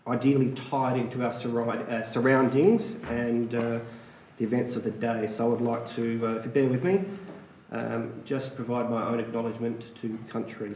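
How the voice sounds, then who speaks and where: An Australian man chairing a council meeting, speaking formally but haltingly with many fillers. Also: mid-range voice, a little mellow, a little hiss or hum. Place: council chamber. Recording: roomy, dull council chamber audio.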